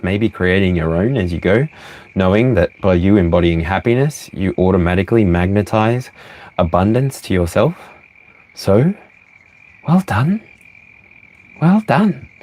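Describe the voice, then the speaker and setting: A man's voice: lowish voice, a little mellow. A man giving a playful livestream tarot reading, breaking into song and laughter. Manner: playful, sings and laughs between slow readings. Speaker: tarot reader.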